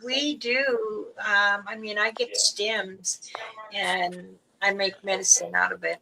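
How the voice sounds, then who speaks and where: A woman's voice: medium pitch, steady tone, a little slow, vocal fry, pushed and bright, low-quality recording. A woman hosting a livestream in casual chat, sorting out audio trouble with her guests. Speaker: livestream host.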